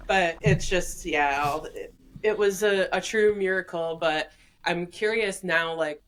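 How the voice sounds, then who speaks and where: A woman in her thirties co-hosting a casual podcast, talking in a relaxed, rambling way about her kids. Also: fairly low pitch, measured pace, a little hiss or hum, rough recording. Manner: relaxed, rambling with many fillers. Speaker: podcast co-host. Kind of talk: casual chat.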